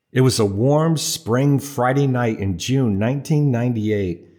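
A man's voice: mid-range voice, darkish tone. A man narrating a comic story in a wry, dryly humorous manner. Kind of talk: audiobook narration.

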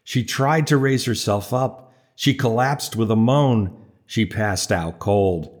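A man's voice: fairly low pitch, takes it slowly. A man narrating a comic story in a wry, dryly humorous manner. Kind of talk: audiobook narration.

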